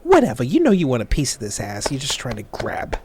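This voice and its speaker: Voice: wildly swooping pitch, brisk, noisy background. A performer voicing a crude, mocking female prison inmate who taunts a guard in an improvised comedy bit. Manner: crude, mocking, big pitch jumps. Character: foul-mouthed brash female prison inmate. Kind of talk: improvised comedy role-play.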